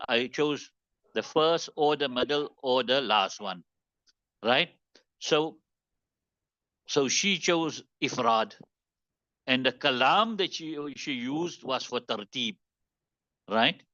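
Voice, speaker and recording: Bright-voiced man teaching Islamic law. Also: mid-range voice, dry recording, dull audio. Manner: explains text line by line, asks "you understand it?" often; reads Arabic quickly, explains slowly in English. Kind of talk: classroom lesson reading Arabic text.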